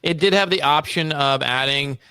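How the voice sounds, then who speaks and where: A man's voice: fairly high pitch, normal speed, sharp tone, smooth, no echo, studio quality. A man co-hosting a casual podcast, chatty and a bit hesitant as he taste-tests food. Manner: hesitant, chatty, talks with mouth full while tasting. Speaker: podcast co-host. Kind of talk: casual chat.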